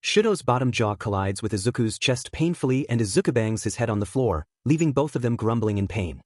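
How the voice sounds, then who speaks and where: A man narrating a fan fiction story aloud in a steady, even storytelling manner. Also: mid-range voice, brisk, few pauses, dry recording, clean studio sound. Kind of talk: audiobook reading of fan fiction.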